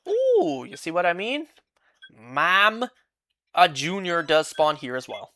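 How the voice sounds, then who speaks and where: Woman streamer venting while gaming, bright sharp voice, kinda low, swears a lot. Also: very animated, slow pace. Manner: exasperated ranting storyteller, swears freely. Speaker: game streamer. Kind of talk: casual chat while gaming.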